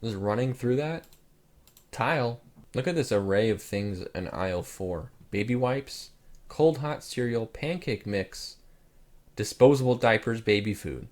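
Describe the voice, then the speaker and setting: A young man hosting his channel reacts to pictures in a relaxed, rambling chat packed with "like" fillers. His voice is mid-range and his pace measured.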